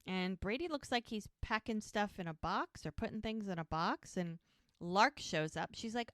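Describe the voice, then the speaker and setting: A woman co-hosts a podcast and recaps a TV episode in a chatty, casual way, acting out the characters' lines as she goes. Her pitch sits in a middle range. The sound is dry and close, with no room echo. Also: moderate pace, fairly bright tone. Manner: chatty, retells scenes by quoting characters. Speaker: podcast co-host.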